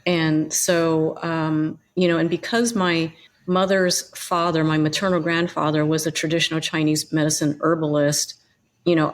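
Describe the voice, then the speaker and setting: Low-voiced woman recounting her story. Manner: conversational, many fillers and restarts. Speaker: podcast guest. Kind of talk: personal storytelling in interview.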